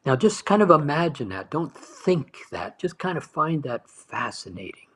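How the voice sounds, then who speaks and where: A man leading a guided meditation talk as a spiritual teacher, speaking softly and slowly, lingering on words and sometimes dropping to a whisper. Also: a little high, very animated, slightly rough. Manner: soft, slow, dwelling on words, dropping to whispers.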